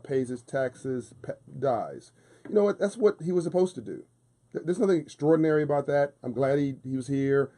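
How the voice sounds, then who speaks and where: Emphatic man with a dark tone. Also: mid-range voice. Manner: passionate, emphatic, repetitive preaching cadence. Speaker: radio guest, author. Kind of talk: casual radio interview talk. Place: radio studio.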